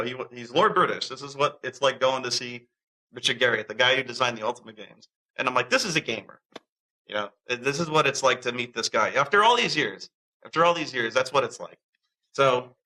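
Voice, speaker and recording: A man tells a story in a casual, animated way, acting out the voices of the people he quotes. His voice is very bright, and he often restarts his sentences. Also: mid-range voice, low-quality recording. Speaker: interviewee.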